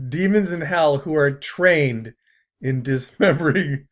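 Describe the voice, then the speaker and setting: A man's voice: a little high, takes it slowly. Mocking male video commentator. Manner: mocking, laughing, trailing off quietly.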